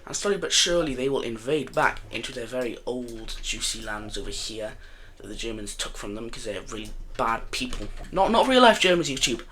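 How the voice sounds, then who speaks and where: A man's voice: medium pitch, steady tone, a little fast, few pauses, bright, forceful tone. A young man casually narrating a map game, rambling and joking and often correcting himself as he goes. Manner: rambling, chatty, jokey, often corrects himself mid-sentence. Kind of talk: casual commentary over an alternate-history map game.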